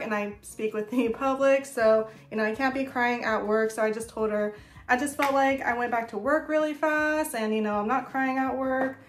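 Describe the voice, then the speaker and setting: A young woman talking casually to camera in a vlog, chatty and full of fillers. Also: a little high. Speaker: vlogger. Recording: echoey room.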